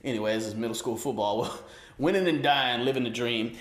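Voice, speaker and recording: A man's voice: mid-range voice, fairly quick, roomy sound. A man in his twenties riffing on sports in a loose, slangy comedy set, a little winded. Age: 20s. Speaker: host. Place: room with an audience.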